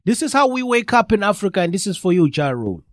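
A man's voice: high voice, very animated, quick pace, no room sound, studio quality. A man with a stuffy, congested voice from a cold, chatting casually as a live radio show host and talking straight to his listeners. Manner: chatty, addresses listeners directly.

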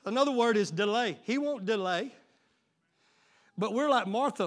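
A middle-aged male pastor preaching a sermon, swinging from hushed asides to shouted call-and-response. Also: high voice, lively intonation, moderate pace, pauses often. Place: church sanctuary.

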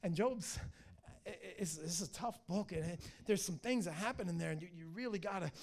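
A middle-aged man preaching a sermon in a church, telling stories with animated energy and frequent restarts. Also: high voice, brisk, a little hiss or hum. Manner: animated storytelling, restarts and stammers. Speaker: pastor.

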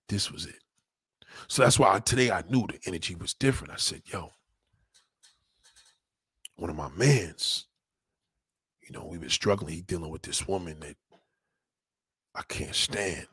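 A man talking casually on his livestream, rambling and emphatic, swearing often and swinging between loud and quiet. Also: fairly low pitch, slightly rough, dry recording, clean studio sound. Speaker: livestreamer taking donations.

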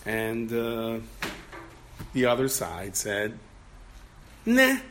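A man, a rabbi, giving an animated Torah talk, telling a story and acting out the voices in it, with many Yiddish and Hebrew terms. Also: mid-range voice, a little fast, a little hiss or hum.

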